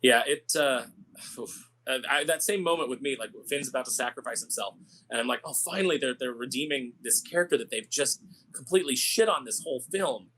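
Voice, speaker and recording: A man's voice: medium pitch, a little fast, fairly bright tone, breathy edge, low-quality recording. A man co-hosting a podcast, telling a story and ranting about a film in casual chat. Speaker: podcast co-host.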